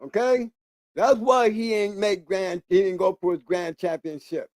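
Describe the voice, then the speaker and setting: A man's voice: high-pitched, steady tone, unhurried, darkish tone, dry recording, studio quality. A man hosting a channel in a casual, rambling monologue, hammering points home by repeating key words. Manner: rambling with restarts. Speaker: channel host.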